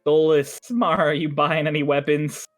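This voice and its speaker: A man narrating as game master of a tabletop game, in relaxed chat with restarts. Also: fairly high pitch, moderate pace, soft background music.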